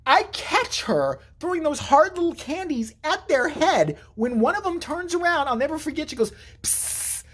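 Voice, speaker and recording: A man's voice: very high voice, big pitch swings, moderate pace, few pauses, a bit bright. A man telling a long personal story in a casual vlog monologue, profane and rambling, correcting himself as he goes. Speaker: vlogger telling a family story.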